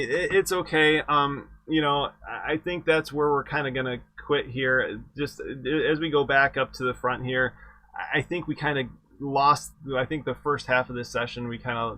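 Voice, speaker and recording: A man running a casual exam review session as instructor, easygoing and halting, often repeating words as he thinks aloud. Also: medium pitch, sharp tone. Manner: easygoing, self-deprecating. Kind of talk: casual live-stream lecture.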